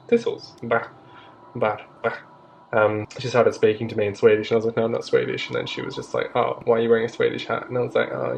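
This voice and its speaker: A man's voice: mid-range voice, vocal fry. A man with an Australian accent tells a rambling, self-mocking storytime to his vlog camera in a casual chat. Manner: chatty, rambling and self-mocking, with frequent asides. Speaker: vlogger. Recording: slightly dull audio with faint background hiss.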